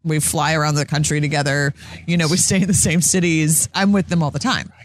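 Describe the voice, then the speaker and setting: Speaking as an interview guest, a young sports TV reporter recounts stories in casual, earnest, chatty fashion, peppered with "like" and acted-out quotes. Her voice is low-pitched and brisk, with fairly even intonation.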